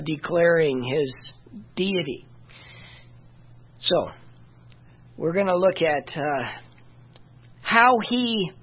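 A Bible teacher talks through scripture in a loose, conversational way, often leaning on "you know" and stopping to find the right verse. The voice is husky and a little breathy. It comes through a dull, lo-fi recording. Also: mid-range voice. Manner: informal, many "you know" fillers, stops to check verses.

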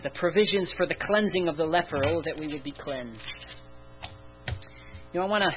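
A man's voice: fairly high pitch, a little fast. A man preaching a sermon in an earnest way, asking the listeners question after question and sighing "oh" often. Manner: earnest, repeats rhetorical questions, sighs "oh". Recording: dull lo-fi recording with faint mains hum.

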